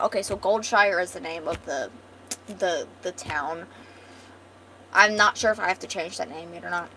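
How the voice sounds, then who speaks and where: A woman's voice: on the low side, moderate pace, bright, forceful tone, slight background noise, poor audio. A woman streamer casually retelling a story, rambling and swearing freely.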